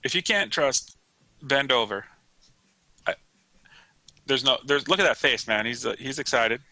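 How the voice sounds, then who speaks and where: A man's voice: medium pitch, animated, measured pace, pushed and bright, no room sound, rough recording. A man co-hosting a casual real estate talk show, joking and laughing often. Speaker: co-host. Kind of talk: casual banter.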